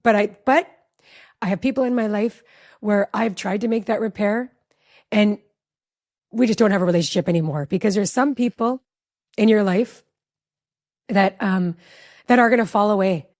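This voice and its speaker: A woman in her forties, a relationship educator, telling a personal story in an animated, chatty way with lots of "like" in a podcast interview. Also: medium pitch, moderate pace, long pauses. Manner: animated, chatty, heavy use of "like".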